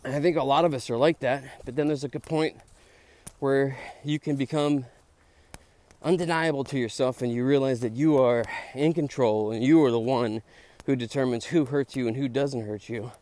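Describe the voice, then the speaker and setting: A man's voice: medium pitch, fairly even intonation, normal speed, warm tone. Middle-aged Philly guy, chatty podcast host, walking outdoors, loose rambling delivery full of "dude". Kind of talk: casual walk-and-talk monologue. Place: outdoors on a park trail.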